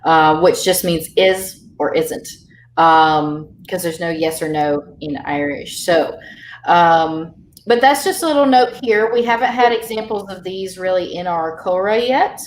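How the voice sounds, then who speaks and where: A woman's voice: fairly low pitch, measured pace, reverberant, slight background noise. A woman teaching an online language lesson over a video call, explaining patiently with many fillers.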